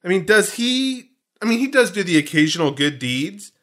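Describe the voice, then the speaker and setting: A man's voice: high-pitched, very animated, moderate pace, fairly bright tone. A man co-hosting a podcast, chatting casually and joking, rambling from point to point and dropping pop-culture references. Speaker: podcast co-host. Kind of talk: casual chat.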